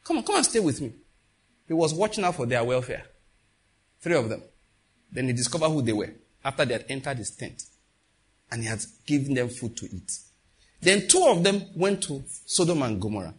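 A man preaching a sermon with lively call-outs to his congregation. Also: mid-range voice, fairly quick, long pauses, slightly rough. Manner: animated preaching with call-outs and acted quotes.

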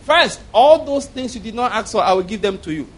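A playful, almighty God talks like an easygoing father, voiced by a male preacher. His voice sits high for a man, casual and amused, never solemn. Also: lively intonation, a little fast, slight background noise. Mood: pleased. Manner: playful, conversational.

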